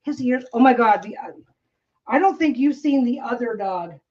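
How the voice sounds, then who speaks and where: Casual quilting vlogger, a woman with a rambling, higher voice who talks sweetly to her dogs, recorded on dull lo-fi camera audio. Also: expressive, normal speed. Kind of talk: casual chat while crafting.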